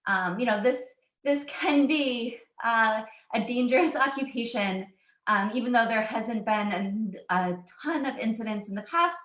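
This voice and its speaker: A woman's voice: a little high, a little slow, a bit bright, echoey room. A woman union organizer giving a public comment over a video call, out of breath and earnest.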